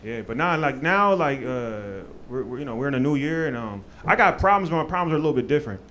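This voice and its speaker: A man's voice: mid-range voice, animated, fast talker, noisy background. A man from Maryland doing a stand-up comedy set on a club stage, loose and profane with lots of fillers. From Maryland, USA.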